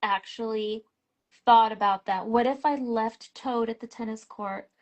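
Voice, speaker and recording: A middle-aged woman with a fairly high voice tells a story in a relaxed chat. She is animated and quick to laugh, and she scatters "like" through her sentences as she goes. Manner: animated storyteller, many "like" fillers, laughs often. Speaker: picture book author, guest. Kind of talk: casual chat.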